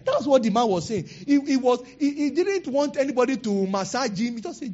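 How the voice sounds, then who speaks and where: A pastor preaches a lively sermon, acting out the people in his stories. His high, husky voice swings widely in pitch at a moderate pace, and the recording sounds dull and lo-fi.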